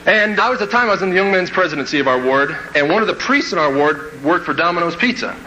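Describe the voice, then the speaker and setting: A man from Kansas delivers a motivational talk as a story, rattling along at a brisk clip. His voice sits a little high and rings bright and forceful. He acts out the scenes, trading in sound effects and little quoted voices. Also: animated, a little hiss or hum, low-quality recording. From Kansas, USA. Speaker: motivational speaker. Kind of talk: storytelling speech to a live audience.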